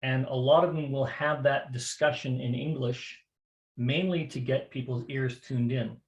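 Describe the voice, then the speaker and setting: Man, square dance calling teacher, conversational, echoey room. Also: medium pitch. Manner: conversational, repeats words while explaining. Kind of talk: online class teaching.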